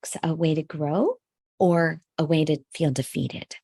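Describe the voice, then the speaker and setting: A woman co-hosting a podcast in casual chat, animated and rambling, often breaking into laughter. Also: deep voice, measured pace, husky, no room sound, studio quality. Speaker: podcast co-host.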